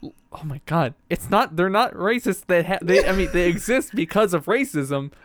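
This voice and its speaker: A co-host from Minnesota in casual podcast chat, bantering loudly and swearing a lot. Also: medium pitch, expressive, normal speed, no room sound, studio quality. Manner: loud, profane banter.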